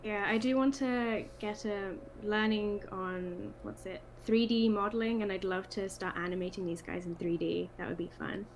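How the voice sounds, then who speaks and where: A woman's voice: medium pitch, moderate pace, few pauses, poor audio. Young female guest on a livestream, friendly and shy, faint noise behind. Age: young adult. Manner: friendly, a bit shy, laughs often. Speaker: guest artist, art student. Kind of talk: casual video call chat.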